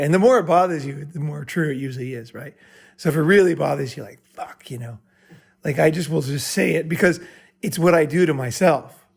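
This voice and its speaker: A man's voice: on the high side, creaky, breathy edge. A man speaking at a live summit and answering an audience member bluntly, with profanity, often checking in with "right?". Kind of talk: live Q&A talk.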